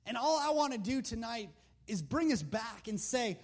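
A male preacher with a strikingly high voice gives a casual, conversational sermon into a handheld mic. He leans on rhetorical questions and emphatic repeats to drive points home. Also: sing-song, normal speed.

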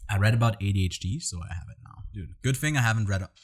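A man's voice: lowish voice, animated, very fast, husky. A young man co-hosting a podcast in casual chat, teasing his co-host with dry jokes and laughing often.

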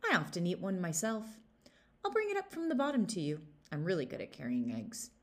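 A woman voicing a bold, boastful little male weasel in a children's story, talking with brisk swagger. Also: fairly low pitch, very animated.

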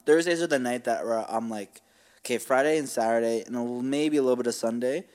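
A man's voice: mid-range voice, fast talker, darkish tone, smooth. Laid-back, swearing male podcast co-host. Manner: laid-back, swears freely, laughs often. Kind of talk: casual chat.

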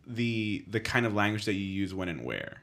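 A man's voice: on the low side, moderate pace. A man co-hosting a podcast, telling stories in casual chat with lots of laughter and swearing. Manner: animated storyteller, frequent laughs, lively swearing. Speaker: podcast co-host.

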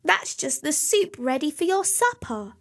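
A woman voicing an anxious, high-pitched ogre's wife. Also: sing-song, measured pace, heavily acted. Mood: urgent.

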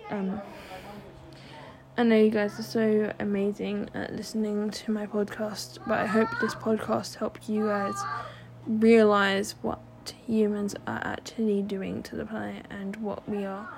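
Young woman doing a solo podcast, slow and kinda flat, earnest, lots of ums. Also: medium pitch, gravelly, a crowd in the background. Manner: earnest, many ums and restarts. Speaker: podcast host.

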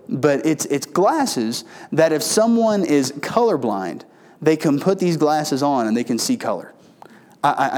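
A male pastor with a fairly high voice preaches a sermon in a folksy storytelling way. He often trips over and restarts his phrases, then climbs in pitch to stress a point. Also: a little mellow. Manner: folksy storytelling, frequent restarts, rising emphasis.

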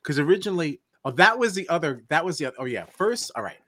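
A man's voice: fairly high pitch, fast. A man hosting a podcast, telling a story in casual chat with lots of restarts. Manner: animated storyteller, restarts and laughs often. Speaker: podcast host.

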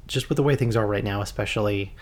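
A young man in casual podcast conversation, relaxed and agreeable, laughing easily. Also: on the low side, quick pace. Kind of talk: casual chat.

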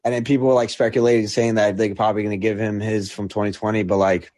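A man's voice: lowish voice, little pitch movement, quick pace, a little mellow. A man talking loosely in a casual podcast chat, leaning on fillers and "bro". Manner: loose, laid-back, many fillers like "I mean" and "bro". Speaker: podcast co-host.

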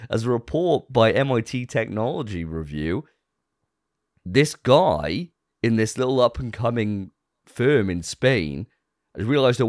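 A man's voice: on the low side, darkish tone, dry recording, studio quality. A man co-hosting a gaming podcast, talking in a chatty way. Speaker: podcast co-host. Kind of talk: casual gaming podcast chat.

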